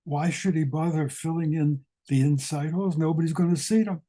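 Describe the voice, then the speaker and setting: An older man, a guest rabbi, teaching a psalm over a video call, asking rhetorical questions in an unhurried way. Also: on the high side, fairly even intonation, warm tone, rough recording. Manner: asks many rhetorical questions, unhurried with pauses. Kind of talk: slow, questioning lesson on a psalm.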